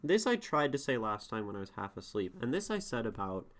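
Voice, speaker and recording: A young man streaming live, reading chatters' poems aloud and then taking them apart line by line. His voice sits at a middle pitch, and he talks in a loose, relaxed way, stopping to think out loud. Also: a little fast. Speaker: streamer critiquing poetry. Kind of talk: live-stream poetry critique.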